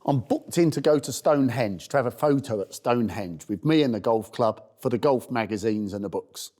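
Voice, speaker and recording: A man's voice: mid-range voice, brisk. A middle-aged man from the UK telling the story of his charity walk in a spoken diary, acting out the people he met. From United Kingdom. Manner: storytelling, animated voices for people he meets.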